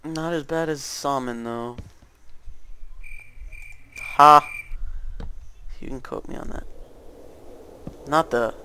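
A man's voice: mid-range voice, moderate pace, hardly any pauses, slight background noise. A teenage boy rambling through casual gameplay commentary, full of fillers and self-corrections. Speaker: gaming channel host.

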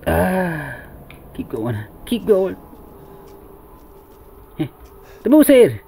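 A man's voice: a little high, huge pitch swings, slow, pauses often, dark tone, a little hiss or hum. A young man playing a horror game, exclaiming and talking to his viewers as he goes. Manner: jumpy, exclaiming, talks to viewers as Wolfpack. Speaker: gaming YouTuber. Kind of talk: let's-play commentary.

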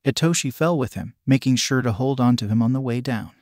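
A man's voice: mid-range voice, a little fast, a little mellow, no echo, studio quality. A man steadily reading a fan story aloud as narrator.

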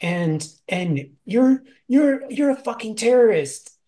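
A man's voice: a little high, a little slow, a little mellow, natural voice. A man voicing a panicked, furious rich young woman.

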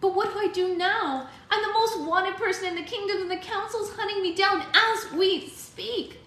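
A woman's voice: extremely high pitch, normal speed, fairly bright tone, reverberant, pitched above the performer's own voice. A woman reading aloud, voicing an earnest young girl fairy who speaks in an urgent, emotional way. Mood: distressed.

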